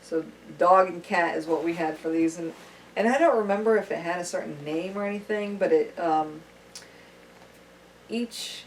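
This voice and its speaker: A woman with a lowish voice chats casually, full of "um" and "like" as she gets her thoughts out. She sounds set back from the mic, with a faint hum of room noise. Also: a little mellow, far from the mic, rough recording. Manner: chatty, halting with many fillers. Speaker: podcast guest. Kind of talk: casual chat.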